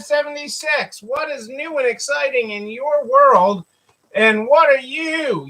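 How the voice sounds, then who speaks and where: A man's voice: very high voice, pushed and bright, poor audio. A man hosting a casual live stream for store owners, who greets viewers by name and repeats his phrases. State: hiccups. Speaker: livestream host for store owners.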